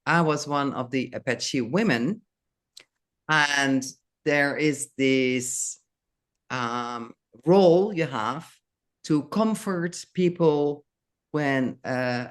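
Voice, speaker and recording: An older woman, a guest in a casual interview, speaking slowly and haltingly with many restarts. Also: sits low.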